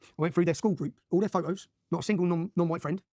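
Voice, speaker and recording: A man's voice: sits high, fairly even intonation, quick pace, warm tone, no echo, studio quality. A man from Luton, telling his own story as an interview guest, emphatic and often checking in with "yeah?". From Luton, England. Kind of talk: animated personal storytelling.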